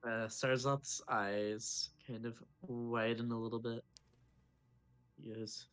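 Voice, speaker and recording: Slow, laid-back game player. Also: mid-range voice, level tone, fairly bright tone, smooth. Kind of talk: tabletop role-play chat.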